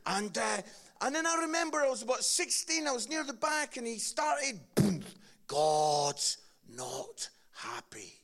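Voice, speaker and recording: A man's voice: very high-pitched, normal speed. A man with an Edinburgh Scottish accent, a guest preacher giving a comedic sermon and teasing the crowd. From Scotland. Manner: jokey, animated, teasing the crowd.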